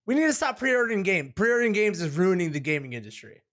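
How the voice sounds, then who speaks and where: A man's voice: high voice, sing-song, fast, fairly bright tone. A man co-hosting a podcast in casual chat, teasing and laughing often, with short replies. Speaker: podcast co-host.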